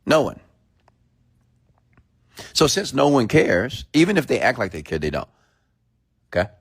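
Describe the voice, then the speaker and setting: A man's voice: mid-range voice, big pitch swings, unhurried, husky, no echo, studio quality. A man giving an emphatic motivational rant full of rhetorical questions. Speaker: motivational speaker.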